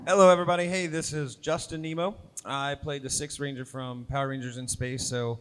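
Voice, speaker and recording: A man's voice: mid-range voice, moderate pace, few pauses, long reverb tail. Brief: male panel guest, self-deprecating, live room with crowd and noise. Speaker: panel guest, former actor. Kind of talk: casual panel introduction. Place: convention hall stage.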